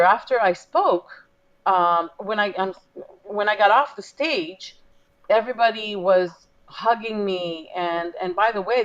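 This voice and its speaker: A woman coach tells her story as an interview guest, earnest and emotional, voicing each quoted exchange. Her voice sits at a middle pitch. The recording sounds a little dull and lo-fi.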